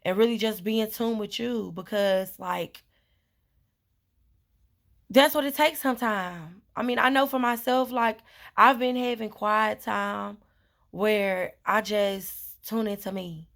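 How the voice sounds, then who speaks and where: A woman's voice: medium pitch, slow, gravelly, fairly bright tone. A woman vlogger talking earnestly and rambling, with many fillers and repetitions, in a casual heartfelt monologue.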